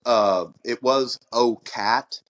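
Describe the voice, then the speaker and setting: A man in a deadpan improvised comedy chat, telling a rambling story with halting, repeated words. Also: medium pitch.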